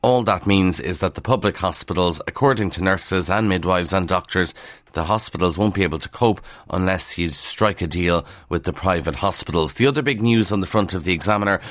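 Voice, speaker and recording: A man with an Irish accent from Kildare, presenting a brisk morning newspaper review on radio with wry asides. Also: deep voice, a bit bright, no echo.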